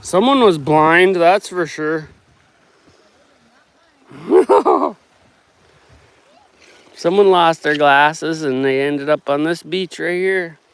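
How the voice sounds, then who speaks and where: A man vlogging outdoors by a lake shore and on a boat, excitable and swearing freely. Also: fairly high pitch, unhurried, few pauses, smooth, low-quality recording. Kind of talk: casual outdoor vlog chat. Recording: wind noise on the mic outdoors.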